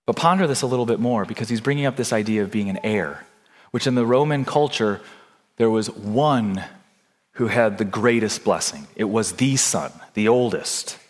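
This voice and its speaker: A man preaching a sermon in a slow, deliberate way, building to impassioned, near-shouted passages. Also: lowish voice, long reverb tail. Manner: slow, deliberate delivery with long pauses. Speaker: pastor.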